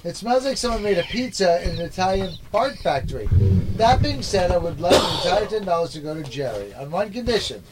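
Jokey male co-host, higher-pitched, faint noise behind. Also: very animated, brisk. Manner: jokey, does mock ad reads. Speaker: podcast co-host. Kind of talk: comedic podcast banter.

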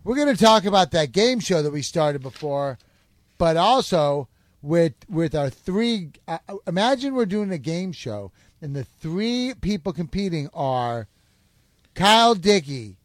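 A man's voice: a little high, big pitch swings, a little slow, dry recording. A man hosting a comedy podcast, rambling through goofy improvised bits with lots of fillers, on a close, dry mic.

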